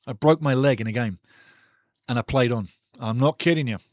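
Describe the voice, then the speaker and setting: A middle-aged man giving energetic live watch-along football commentary, chatty and jumping between play-by-play and personal stories. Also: mid-range voice, a little fast, dry recording.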